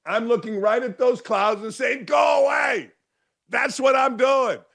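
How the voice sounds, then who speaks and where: An older man hosting a sports show, ranting loudly and sarcastically with mocking impressions. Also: very high voice, unhurried. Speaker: sports radio host.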